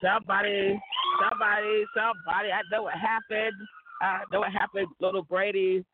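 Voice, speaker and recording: A woman with a cold, sounding hoarse, chatting in a rambling casual monologue. She repeats words and chuckles often. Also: mid-range voice, fairly even intonation, normal speed, heavy background noise. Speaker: vlogger. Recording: tinny phone-like dry recording.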